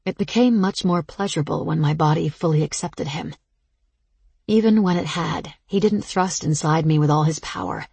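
A woman giving slow, intimate, first-person audiobook narration. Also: deep voice, gravelly, darkish tone, slightly rough, no echo.

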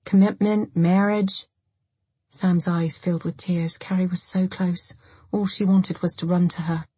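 A woman narrating a thriller audiobook in an even, measured way. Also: lowish voice, breathy edge, no room sound. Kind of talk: scripted narration.

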